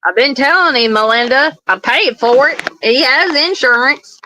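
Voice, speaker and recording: A woman's voice: high voice, animated, normal speed, pushed and bright, slight background noise, rough recording. A woman co-hosting a casual livestream, chatty and reassuring as she relays viewer comments. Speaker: livestream co-host reading comments.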